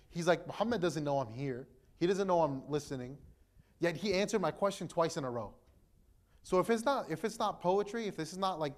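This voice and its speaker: Fast-talking man telling a story casually. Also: fairly high pitch. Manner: relaxed, conversational, many fillers and restarts. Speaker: imam.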